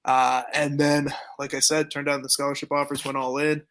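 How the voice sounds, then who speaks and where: A man's voice: medium pitch, flat delivery, normal speed, fairly bright tone. A young man from Canada talking casually in an interview, laid-back and blunt, swearing freely. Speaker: jiu-jitsu gym owner and event promoter.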